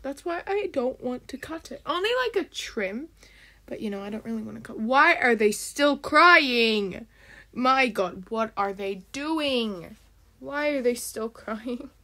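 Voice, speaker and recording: High bright excitable woman reacting. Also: measured pace. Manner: excitable, chatty, bursts into shrieks. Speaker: channel host. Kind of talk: reacting to a game video.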